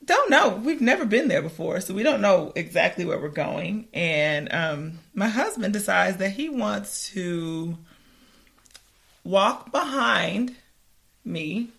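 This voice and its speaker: Animated, laughing woman storyteller. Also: medium pitch, takes it slowly, gravelly. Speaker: podcast co-host. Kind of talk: casual chat.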